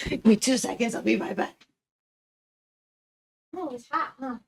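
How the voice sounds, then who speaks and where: A young woman streams and reacts to clips in a loose, chatty way, and laughter keeps bubbling up through her words. Her voice sits high, and she talks at an unhurried, drawn-out pace. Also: animated, vocal fry, darkish tone, breathy edge. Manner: giggly, keeps breaking into laughter. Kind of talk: casual reaction commentary.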